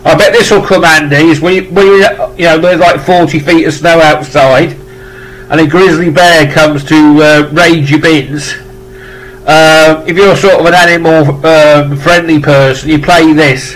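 Chatty British man, slightly high voice. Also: fairly even intonation, a little slow, a bit bright, slight background noise, poor audio. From United Kingdom. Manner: rambling, effusive, joking asides. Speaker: vlogger unboxing records. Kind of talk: casual unboxing chat.

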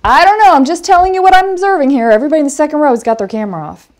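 A woman coaches a film class over a video call. She talks in an animated, storytelling way and breaks off into lively asides to her students. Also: sits high, rapid-fire. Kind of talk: online class talk.

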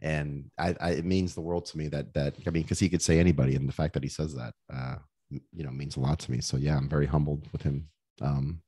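A man's voice: a bass voice, steady tone, fast, mellow, husky. A middle-aged man, a former wrestler on a podcast, telling rambling stories with many restarts. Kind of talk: casual storytelling.

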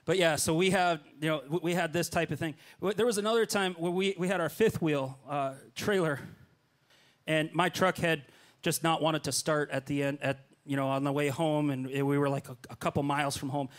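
A middle-aged man preaching, telling a long personal story in a lively way and acting out his own lines. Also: brisk. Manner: animated, acts out his own lines with jumps in pitch. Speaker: pastor. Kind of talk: storytelling sermon.

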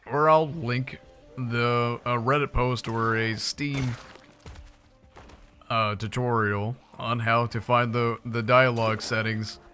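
Young male gaming streamer, bright animated delivery, excitable and jokey, faint music bed. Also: medium pitch, slow pace. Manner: playful, excitable, jokey asides to viewers. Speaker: gaming YouTuber. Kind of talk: casual gameplay commentary.

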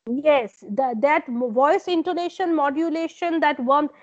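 Female lecturer, Indian English accent, high pitch, insistent and repetitive, dull online-call sound. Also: unhurried, a little mellow. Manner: corrective, repeats points. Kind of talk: online class feedback. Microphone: video call.

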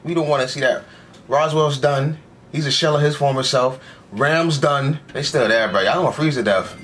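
A man's voice: medium pitch, moderate pace, fairly bright tone, slight background noise. A young man giving casual, slang-filled commentary while reacting to an anime episode, talking back at the screen. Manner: slangy, talks back to the screen, says "bro" constantly.

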